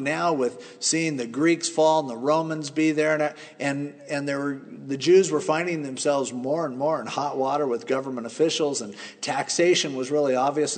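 A man preaching a sermon as a pastor, explaining scripture in a casual, plain-spoken way. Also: medium pitch. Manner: conversational, explains scripture in plain everyday terms. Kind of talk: expository sermon. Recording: long reverb of a large hall.

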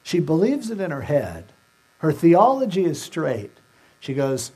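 Gravelly man preaching a sermon. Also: on the high side, very animated, unhurried, warm tone. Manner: conversational retelling of scripture, acting out the characters' words. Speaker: pastor.

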